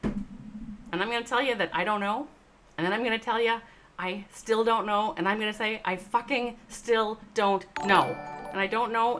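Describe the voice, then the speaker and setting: A woman hosting a live stream, talking straight to chat viewers. She swings between loud, emphatic, swearing bursts and slow, soft reflection. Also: medium pitch, slight background noise. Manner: addresses chat viewers by name. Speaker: livestream host, esports org owner. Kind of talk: emotional livestream monologue.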